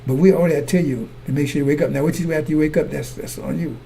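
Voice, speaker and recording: A man with a fairly high, mellow voice races through a sermon in a steady tone marked by vocal fry. He repeats himself and talks in circles, addressing the congregation as brothers and sisters and asking them to follow along.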